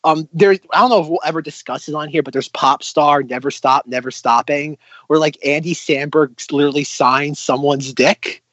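A man's voice: fairly high pitch, normal speed, few pauses, a bit bright, dry recording, muffled recording. A man co-hosting a casual film podcast, animatedly retelling scenes. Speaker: podcast co-host.

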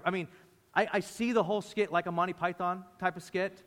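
A man preaching a lively sermon, often acting out the voices of the people in the story. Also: sits high, fairly quick. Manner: animated, acts out voices of disciples. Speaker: pastor. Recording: reverberant hall.

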